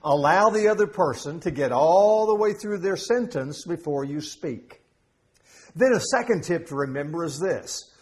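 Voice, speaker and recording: A man's voice: a little high, animated, normal speed, darkish tone. A middle-aged man preaching a sermon as pastor, conversational and humorous, with jokes and asides. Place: church sanctuary.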